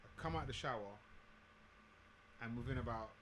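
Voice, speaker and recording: A young man, co-hosting a podcast in slangy, animated casual chat. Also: mid-range voice, moderate pace, slight background noise. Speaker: podcast co-host.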